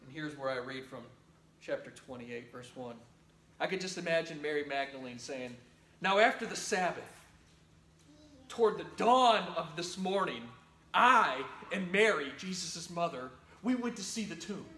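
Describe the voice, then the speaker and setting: A man's voice: a little high, lively intonation, moderate pace, sharp tone. A man preaching an Easter sermon, telling the story dramatically and acting out news-report voices. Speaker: pastor. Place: church sanctuary. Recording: echoey church room.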